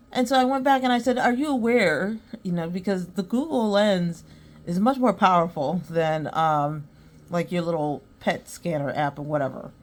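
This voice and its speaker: Woman, podcast host, chatty storytelling, voices both sides of a conversation, earnest advice. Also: fairly low pitch. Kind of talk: casual storytelling monologue.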